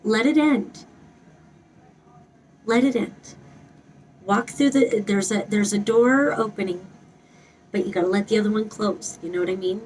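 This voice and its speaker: A woman's voice: mid-range voice, measured pace, long pauses, a little mellow, recorded from a distance, low-quality recording. A woman giving a casual tarot reading, blunt and emphatic, swearing freely and repeating phrases for emphasis. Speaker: tarot reader.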